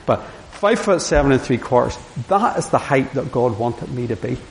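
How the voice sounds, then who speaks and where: A man's voice: mid-range voice, lively intonation, moderate pace. A middle-aged man giving an earnest, anecdotal sermon. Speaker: preacher. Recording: hissy hall with long reverb.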